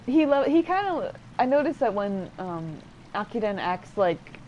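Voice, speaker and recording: A woman's voice: mid-range voice, big pitch swings, measured pace, lo-fi sound, slight background noise. A woman casually commenting on a game she plays, rambling with fillers and restarts while explaining the story. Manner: explains and interprets game dialogue aloud. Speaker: let's play streamer.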